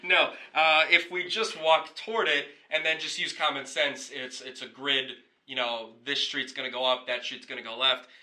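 Male podcast host, very bright timbre, loose rambling storyteller who swears casually. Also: mid-range voice, steady tone, normal speed, hardly any pauses, low-quality recording.

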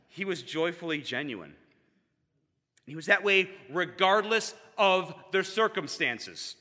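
A man telling a personal story to a live audience, animated and self-mocking, acting out the people in his stories. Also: high-pitched, takes it slowly, long pauses. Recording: long reverb in a hall.

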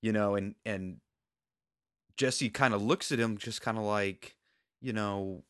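Relaxed low-voiced man recapping a show. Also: unhurried, clear, resonant tone, no room sound. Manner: relaxed, acts out character quotes. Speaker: podcast co-host. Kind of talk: casual TV recap chat.

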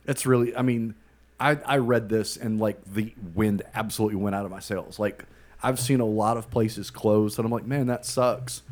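A man's voice: on the low side, fairly even intonation, normal speed, a little mellow. A man co-hosting a casual beer podcast, rambling with trailing sentences and restarts. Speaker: podcast co-host. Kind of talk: casual chat.

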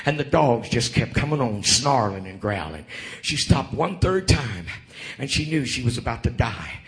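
A man preaching a revival sermon in church, building up to shouted calls to the congregation. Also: mid-range voice, very animated, normal speed.

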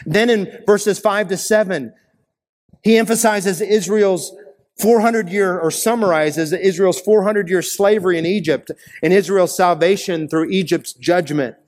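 A man preaching a sermon as pastor, earnest and building to emphatic peaks. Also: sits high. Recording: long reverb of a large hall.

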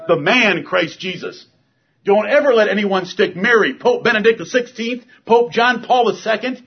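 Husky high-voiced preaching man. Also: lo-fi sound. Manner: forceful, repetitive preaching cadence. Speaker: pastor. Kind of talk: sermon. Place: church.

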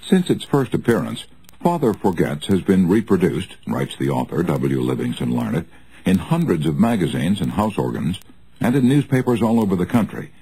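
A man reading a nonfiction audiobook aloud in an earnest, measured way with expressive rises. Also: deep voice, husky, low-quality recording. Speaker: audiobook narrator.

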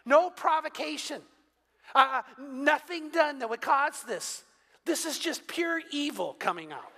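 A man's voice: very high-pitched, animated, a little slow, gravelly, bright, forceful tone. An older man preaching a sermon, with a conversational, storytelling manner and touches of humor. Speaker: pastor. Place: church sanctuary. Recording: long hall reverb.

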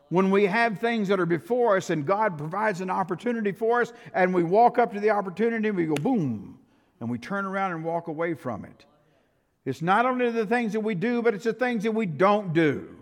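A male pastor tells a sermon story with a fairly high voice, lurching from loud punches to near-whispers. The sound lingers in a long, echoing hall. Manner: dramatic, swings from loud to hushed. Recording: reverberant hall.

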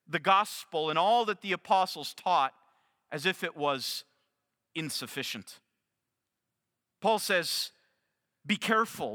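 A man preaching an expository sermon, earnest, with slow emphatic phrasing and frequent restarts. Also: high-pitched, pushed and bright. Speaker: pastor. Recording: long reverb of a hall.

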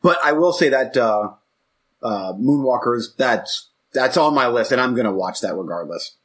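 Husky-voiced man chatting casually. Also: mid-range voice, expressive, moderate pace, a bit bright. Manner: rambling, self-interrupting, laughs often. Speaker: podcast co-host. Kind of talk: casual chat about movies.

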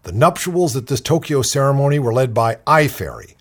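A man's voice: big pitch swings, brisk. A man hosting a talk radio show, reading news items and trailing off into wry asides. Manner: jokey, trails off into low asides. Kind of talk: casual news banter. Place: lives on an island in Washington State, US.

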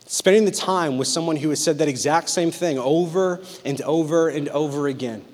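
At a normal speed, a man whose voice sits fairly high gives teens a funny, animated sermon built around stories. The youth pastor dramatizes the lines he quotes to draw laughs, and the spacious hall adds a long, ringing reverb.

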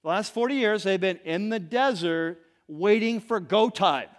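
High-voiced, casual male preacher. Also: unhurried. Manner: casual, conversational preaching with fillers and asides; reads scripture verses aloud and explains them. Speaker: pastor. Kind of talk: sermon.

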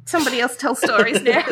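A woman's voice: a little high, very noisy. An Australian woman telling a funny travel story in casual chat, swearing freely and acting out the people she met.

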